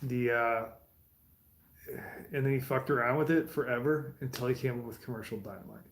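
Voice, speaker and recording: A man's voice: medium pitch, moderate pace. A man talking casually in a rambling, profane monologue from his home garage, with laughing asides. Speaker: streamer. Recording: roomy echo.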